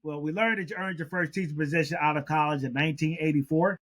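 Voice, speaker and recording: A man's voice: fairly high pitch, fairly even intonation, quick pace. A man hosting a podcast and asking questions in a conversational way. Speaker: podcast host. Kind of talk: podcast interview.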